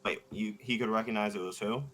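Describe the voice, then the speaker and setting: A man's voice: lowish voice, fairly even intonation, fast, fairly bright tone. A man playing a tabletop game, narrating his character's actions and laughing at his rolls. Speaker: player. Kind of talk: casual tabletop play.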